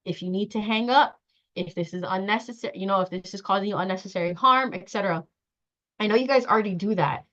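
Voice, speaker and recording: Lively woman trainer, lo-fi sound. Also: mid-range voice, fast. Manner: lively, acts out quoted dialogue, laughs often. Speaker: trauma-informed care trainer. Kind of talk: workshop training talk. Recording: dull lo-fi sound.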